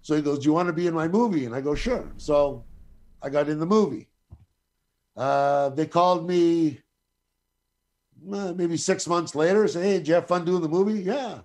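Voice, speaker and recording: Man, middle-aged, slightly high voice, casual storyteller, profane, acts out quoted lines. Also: normal speed, long pauses, darkish tone. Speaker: guest storyteller. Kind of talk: casual anecdote telling.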